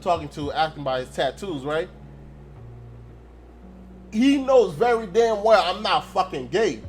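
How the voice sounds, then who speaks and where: A young man telling a story in a blunt, profane casual rant, acting out quoted dialogue. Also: high-pitched. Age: young adult. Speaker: channel host. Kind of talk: casual ranting monologue.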